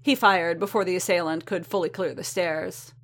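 A woman narrating a story in a steady, even reading voice. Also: lowish voice, normal speed. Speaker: reader.

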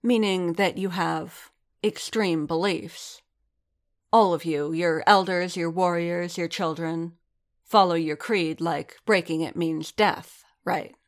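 A woman's voice: on the low side, fairly even intonation, a little slow, close to an everyday voice. A woman voicing a proud woman warrior leader with a cool, mocking, lecturing manner, read as a story. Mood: scornful. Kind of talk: storybook reading.

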